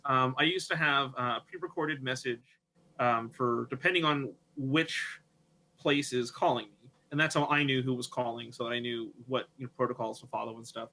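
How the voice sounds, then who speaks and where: Bright-voiced man, chatty interviewer. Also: mid-range voice, steady tone, moderate pace, poor audio. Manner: chatty, friendly, self-correcting. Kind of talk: casual interview chat.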